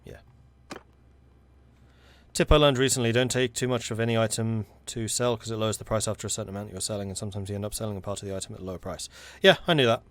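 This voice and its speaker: A man's voice: lowish voice, fairly even intonation, fast. Chatty man narrating a game. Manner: chatty, self-deprecating, thinks aloud. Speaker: gaming YouTuber. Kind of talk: casual gameplay commentary.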